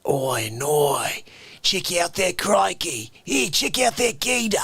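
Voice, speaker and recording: A man putting on an excitable mock-Australian wildlife showman. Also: high-pitched, slow pace, creaky, breathy edge, no room sound, pitched above the performer's own voice, exaggerated voice. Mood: exclaiming. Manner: loud, exclaiming, drawn out.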